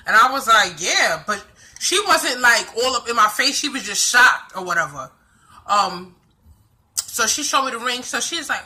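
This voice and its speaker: A woman's voice: a little high, animated, a little slow, pushed and bright. A young woman from the Bronx with a New York accent, telling a personal story to camera in a blunt, profane, slang-heavy way. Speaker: vlogger.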